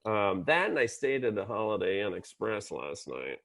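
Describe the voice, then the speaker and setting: A man in his sixties, a psychiatrist guest chatting in an interview with dry, deadpan humor. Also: fairly low pitch, moderate pace, vocal fry. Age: 60s. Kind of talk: casual interview conversation.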